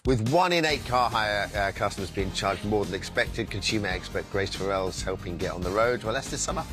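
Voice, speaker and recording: Man, TV presenter, playful, quick talker, low voice. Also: lively intonation, music in the background. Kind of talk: morning TV chat.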